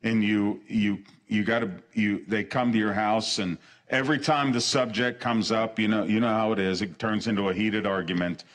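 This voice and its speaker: A man with a voice on the low side and a fairly bright tone preaches as pastor at a moderate pace with fairly even intonation. Earnest throughout, he repeats short phrases for emphasis and restarts sentences after stumbling mid-way.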